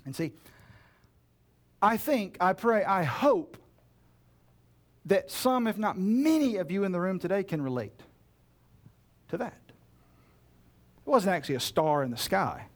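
A male pastor tells a story from the pulpit in a relaxed, joking way. His voice sits a little high, and he slips into the voices of the people in his story. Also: slow pace, pauses often. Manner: casual, playful, acts out dialogue. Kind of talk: sermon storytelling.

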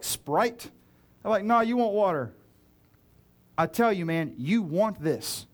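A man preaching a sermon as a pastor, earnest and direct, swinging between loud urgent pleading and hushed, slow emphasis. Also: sits high. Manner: earnest, direct address to listeners.

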